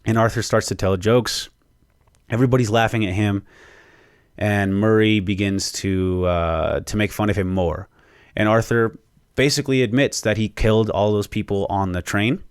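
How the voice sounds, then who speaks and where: A young man with a low voice tells a film's story on his podcast, swearing as he rambles through the plot. The sound is close and dry. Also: clean tone, dry recording. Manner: excited storytelling with frequent swearing; rambling, with fillers and restarts. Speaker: podcast host. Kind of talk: casual movie spoiler recap.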